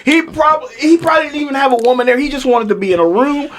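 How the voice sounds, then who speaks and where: A man's voice: very high voice, racing, a bit bright. A man co-hosting a podcast, reacting with profane exasperation in casual chat. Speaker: podcast co-host.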